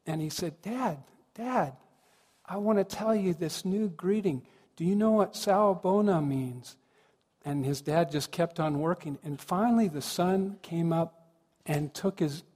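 Gentle man preaching in a reverberant hall. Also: fairly high pitch. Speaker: minister. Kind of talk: sermon.

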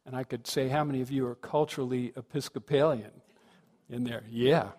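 A man's voice: medium pitch, fairly even intonation, a little fast, darkish tone. A man giving a reflective, conversational sermon to a congregation, often asking them questions. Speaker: minister. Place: congregation hall. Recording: long hall reverb.

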